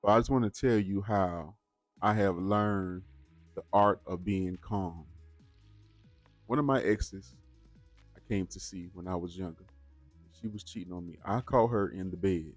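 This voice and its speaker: A man's voice: sits low, a little slow, long pauses, no room sound, faint music behind. A man hosting a reaction channel, talking casually and straight to his viewers, often repeating words as he goes. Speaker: host of a bodycam reaction channel.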